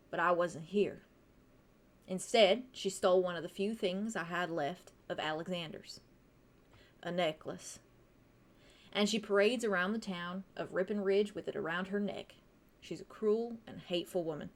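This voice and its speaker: A woman voicing a grieving middle-aged male scientist who talks in a courteous, measured and coaxing way. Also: lowish voice, close to an everyday voice.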